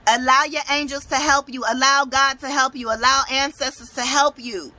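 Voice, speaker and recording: A woman's voice: sits high, fairly even intonation, normal speed, sharp tone. A young adult woman giving a blunt, profane, emphatic motivational tarot reading. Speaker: motivational speaker and tarot reader.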